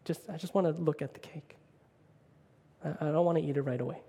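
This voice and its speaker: Man voicing a shy woman, soft and halting, a bit high, long hall echo. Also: husky. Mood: timid, touched. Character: shy, tender woman overwhelmed on her birthday.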